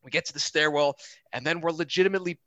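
Bright-voiced young man telling a wild story. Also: fairly high pitch, rapid-fire, dry recording. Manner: animated, swears casually, acts out quotes. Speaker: podcast guest, Air Force officer. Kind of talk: casual storytelling. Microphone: remote call.

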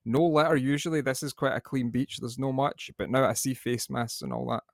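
A man's voice: mid-range voice, steady tone, fairly quick, gravelly, no echo, clean studio sound. A Scottish man co-hosting a casual podcast, musing in an easygoing, hesitant way. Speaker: podcast co-host.

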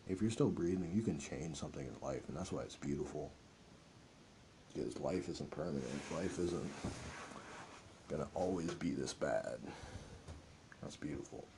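Casting note: young male podcast host, very deep and gravelly, mellow tone, earnest rambling monologue. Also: slight background noise. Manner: earnest, rambling, heavy filler words. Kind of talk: reflective solo podcast monologue.

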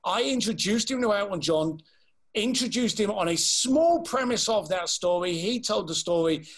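An animated man tells a story, his high voice swinging widely and gravelly at the edges. He acts out each person he quotes. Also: normal speed. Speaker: speaker. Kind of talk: storytelling talk.

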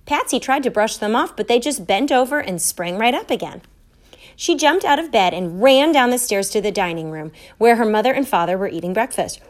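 A woman's voice: a little high, brisk. Woman reading a children's story aloud. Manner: lively, expressive storytelling. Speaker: reader.

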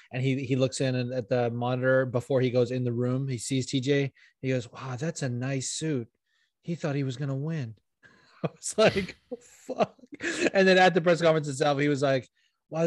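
A man's voice: medium pitch, dry recording, studio quality. Chatty, profane male podcast co-host. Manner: chatty, profane, acts out quotes. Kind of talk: casual chat about fights.

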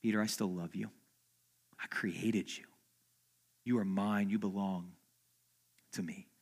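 A male pastor voicing a gentle, forgiving adult male teacher who speaks softly and tenderly. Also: lowish voice, steady tone, measured pace, gravelly.

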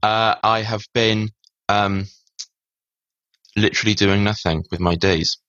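A man co-hosting a podcast and being interviewed, chatting casually with dry, deadpan jokes. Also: lowish voice, measured pace, no echo, lo-fi sound. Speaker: podcast co-host, interview guest. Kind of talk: casual chat.

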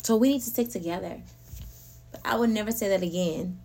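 A woman with a middle-pitched voice hosts a podcast, talking casually about faith and everyday life. She speaks fairly quickly and animatedly, laughs often, and addresses her listeners directly.

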